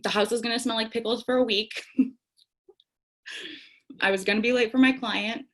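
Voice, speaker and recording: A young woman talks through a spiritual lesson in a candid, conversational way. She moves between calm reflection and frank personal storytelling, with light self-mocking laughter and the odd casual curse. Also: a little high, normal speed, long pauses, slight background noise. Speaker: tarot and self-care host. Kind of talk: reflective spiritual talk to camera.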